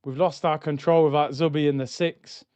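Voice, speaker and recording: During a live football watchalong stream, a young man with a clean, rather high voice talks at a moderate pace. He yells excitedly at goals, then grumbles while reading out the chat, in a dry recording.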